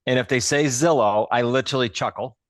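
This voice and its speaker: A man's voice: mid-range voice, fairly quick, no room sound. A man hosting a live group coaching call, explaining things step by step in a conversational way.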